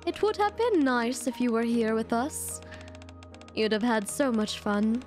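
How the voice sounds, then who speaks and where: A woman's voice: on the high side, sing-song, a little slow, darkish tone, faint music behind. A woman voicing a solemn young woman who speaks at a memorial in a wistful, earnest way.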